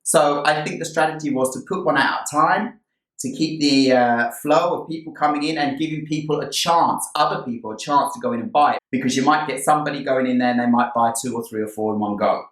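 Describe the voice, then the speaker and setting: A man vlogging about a plant he bought, gushing and excited as he tells the story and shows it off. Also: medium pitch, brisk. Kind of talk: casual haul video. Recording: roomy sound from a distant mic.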